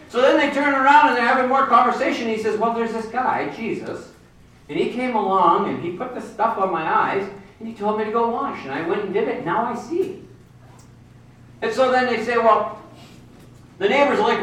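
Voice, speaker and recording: A man's voice: sits high, moderate pace, pauses often, a bit bright. A man preaching a sermon, retelling a Bible story and acting out the characters' voices. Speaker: pastor. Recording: very echoey hall, mic at a distance.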